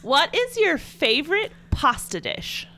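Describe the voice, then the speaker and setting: A woman's voice: high-pitched, big pitch swings, unhurried, pushed and bright. A young adult woman with a Southern US accent, co-hosting a podcast, chatty and playful. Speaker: podcast co-host. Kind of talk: casual chat.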